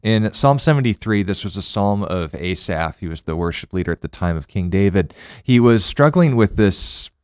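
A man co-host on a ministry radio show, answering a listener's question in a measured, explanatory way and reading scripture aloud. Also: on the low side, animated, a little mellow, clean tone, dry recording, clean studio sound. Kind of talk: radio Bible teaching.

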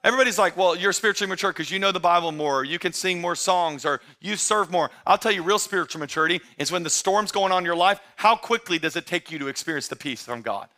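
A man preaching a sermon as pastor, talking straight to his church in a conversational way and often rising to emphatic, shouted excitement. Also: sits high, fast, few pauses. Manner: conversational, addresses the congregation directly.

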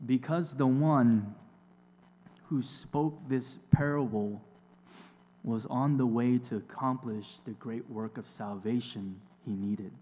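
A man preaching a sermon, slow and deliberate, with emphatic repetitions and rhetorical questions. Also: mid-range voice, mellow. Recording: long hall reverb.

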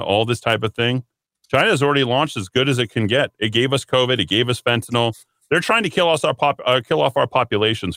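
A man hosts a political talk radio show in a sarcastic, emphatic monologue. His pitch swoops up and down as he talks. The sound is dry and close to the mic. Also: fairly bright tone, no echo.

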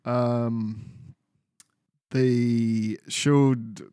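A podcast co-host chats casually about video games, rambling, swearing freely, and restarting a lot. His mid-range voice is level, mellow, clear, and resonant, and he speaks extremely slowly on clean studio sound with no echo.

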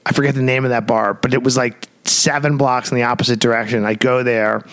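A man in his forties co-hosting a podcast, telling an animated story with swearing and sudden jumps in pitch. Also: a little fast. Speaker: podcast co-host. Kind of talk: casual chat. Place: Los Angeles.

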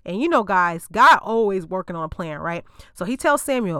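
A woman host retelling a Bible story in a loose, slangy way, breaking off for joking asides to her listeners. Her voice is smooth and clear, recorded dry and close with no room sound. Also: medium pitch, lively intonation, moderate pace, pushed and bright, no room sound. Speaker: podcast host.

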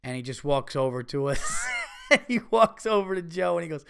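A man telling a story in a casual, animated way, swearing freely and acting out the people he quotes. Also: on the high side, brisk, vocal fry, clean tone. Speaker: podcast host.

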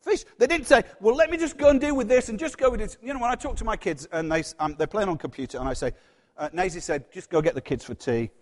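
A middle-aged man preaching a sermon to his congregation. His voice sits high for a man and carries a long hall echo. He talks earnestly, often repeating words, and acts out the lines he quotes. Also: quick pace. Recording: long reverb of a church hall.

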